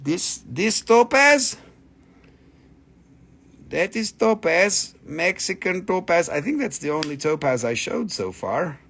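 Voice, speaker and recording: High-voiced joking man selling crystals live. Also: very animated, takes it slowly, vocal fry, a bit bright, husky. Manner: joking, playful, breaks into silly voices. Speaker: live-stream crystal seller. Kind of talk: casual live sales stream.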